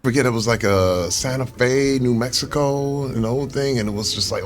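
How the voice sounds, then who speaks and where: A middle-aged man, a guest in a casual interview, telling stories with lots of expression and putting on high voices when he quotes people. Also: a little fast. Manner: animated storyteller, jumps to high mock voices for quotes.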